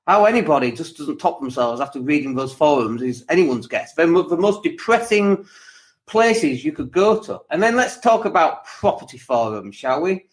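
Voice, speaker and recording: A man from England hosting his own podcast, talking casually and animatedly in a livestream monologue full of jokes and rants. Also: on the high side. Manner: animated, lively, jokey and ranting. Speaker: podcast host and property coach.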